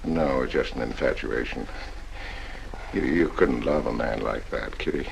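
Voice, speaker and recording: An actor playing a gentle, stammering middle-aged man who pleads tenderly in a 1940s film. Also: a bass voice, a little slow, gravelly, exaggerated voice, rough recording. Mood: pleading. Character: timid, lovesick middle-aged man proposing. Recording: hissy 1940s film soundtrack.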